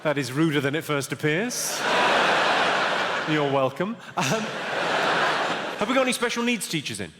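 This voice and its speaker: A man doing stand-up comedy, deadpan and brisk, teasing people in the audience from a theatre stage. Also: fairly high pitch, heavy background noise. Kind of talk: stand-up comedy with crowd work. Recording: echoey theatre hall, loud audience.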